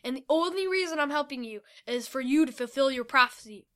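A woman voicing a hot-tempered male cave dweller who speaks forcefully and snaps in anger. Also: sits high, animated, a little fast. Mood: angry. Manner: forceful, angry outbursts.

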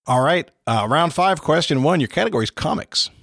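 A man's voice: fairly high pitch, expressive, fairly quick, fairly bright tone, no room sound, studio quality. A man hosting a casual trivia game, reading questions and teasing the players playfully. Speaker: trivia quiz host.

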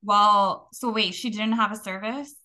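A woman's voice: medium pitch, steady tone, measured pace, sharp tone. A young woman guest chatting casually on a podcast, laughing often and saying "like" a lot. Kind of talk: casual conversation about grief.

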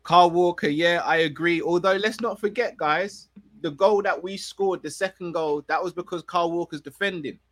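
A man, co-hosting a casual football podcast in a relaxed, slangy and measured way. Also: high-pitched. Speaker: podcast co-host.

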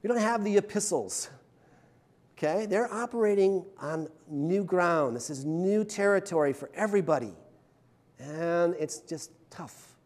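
A man's voice: sits high, lively intonation, unhurried, a little mellow. A male pastor preaching a conversational sermon, chatty and self-deprecating, often checking in with the congregation. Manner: chatty, self-deprecating humor, frequent "right?" tags.

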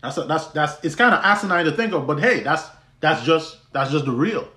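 A man's voice: on the high side, animated, brisk, bright, forceful tone. A young man hosting a podcast, telling a personal story in a conversational way with many restarts and easy laughs. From U.S. Virgin Islands. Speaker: podcast host. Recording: roomy echo.

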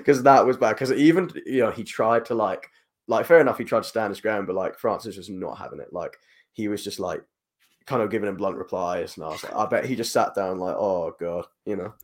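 A man's voice: on the low side, lively intonation, a little fast. A man chatting casually on a podcast about covering fights, rambling with lots of fillers like "like" and "you know". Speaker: MMA journalist.

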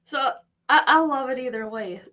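The podcast host's voice is high-pitched, pushed and bright, moving at normal speed. She's chatting in an effusive, enthusiastic way during a casual interview.

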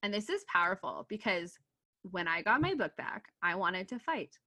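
Give me a young woman with a bright, forward voice, chatting as a podcast guest, animated and laughing as she acts out her own quotes. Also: medium pitch, moderate pace. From Canada. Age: 20s. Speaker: podcast guest, coach and author. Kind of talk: casual podcast interview.

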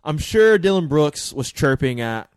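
A man's voice: a little high, sing-song, unhurried, clean tone, no echo, studio quality. A man co-hosting a podcast, chatting casually about sports news in a loose, rambling way with slang and lots of fillers. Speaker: podcast co-host.

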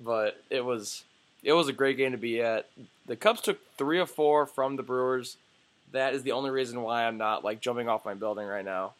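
A young man co-hosting a sports podcast in casual chat, telling animated stories, swearing and acting out the voices of people he quotes. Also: mid-range voice, moderate pace.

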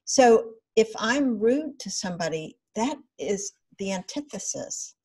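A woman guest on a podcast, telling stories and explaining her ideas in a measured, earnest way. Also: medium pitch, expressive, darkish tone, breathy edge. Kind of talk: conversational podcast interview.

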